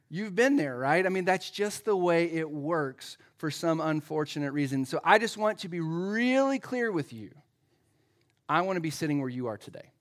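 Self-mocking pastor preaching to a congregation. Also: male voice, fairly high pitch. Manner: self-deprecating storytelling to a congregation; rises to loud excited shouting in the story's climax. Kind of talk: sermon.

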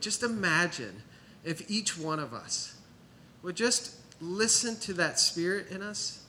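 Male preacher, storytelling testimony, tense bright tone, slightly high. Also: a little hiss or hum. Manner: storytelling, conversational, quotes others. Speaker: church planter pastor. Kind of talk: sermon testimony.

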